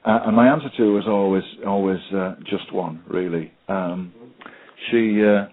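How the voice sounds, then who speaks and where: Speaking at normal speed in a voice on the low side, a man from the UK presents a webinar as a special needs technology trainer. He's hesitant, with plenty of ums and stories, and the recording comes through a tinny, phone-like line.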